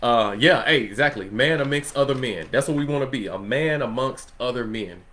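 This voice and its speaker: A man in a relaxed Bible study who teaches the scripture in a loose, conversational way, laughing often and checking in with his listeners. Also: medium pitch, moderate pace. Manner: loose and conversational, laughs often, asks "you know what I'm saying?".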